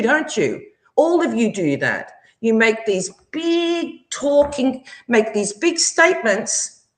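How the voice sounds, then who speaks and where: A woman hosts a livestream and delivers a furious, confrontational rant full of swearing. She speaks slowly and deliberately, and her pitch swings widely as her anger builds. The room around her sounds echoey. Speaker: livestream host.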